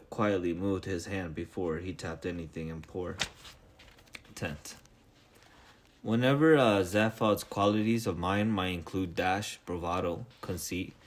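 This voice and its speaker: A man narrates a novel aloud in a low voice. He reads along casually, tripping over a word now and then and starting it again. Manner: reads with small stumbles and restarts. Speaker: reader. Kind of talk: read-aloud book narration.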